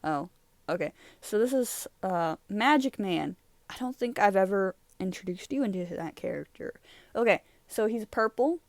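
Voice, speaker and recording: A woman's voice: medium pitch, lively intonation, normal speed, no room sound. A young woman casually chatting as she goes through her old drawings, rambling, giggling and easily sidetracked. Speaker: YouTuber reviewing her own drawings. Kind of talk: casual chat.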